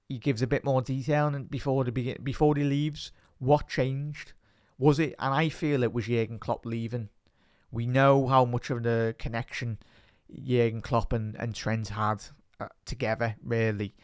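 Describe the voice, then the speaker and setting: A man's voice: medium pitch, level tone, measured pace, no echo, studio quality. A man with a Liverpool Scouse accent hosting a fan podcast, talking casually and passionately, rambling and often repeating himself.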